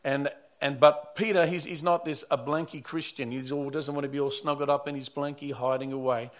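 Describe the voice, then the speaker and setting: A man preaching a Sunday sermon in a conversational way, swinging between loud emphatic lines and quiet asides. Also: fairly high pitch, fairly even intonation, brisk. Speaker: pastor.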